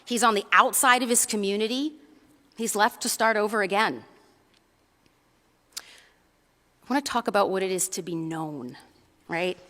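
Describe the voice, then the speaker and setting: A woman's voice: medium pitch, normal speed, pauses often, pushed and bright, in a large hall. A woman preacher giving a conversational sermon in a church. She tells a story and often checks in with the congregation.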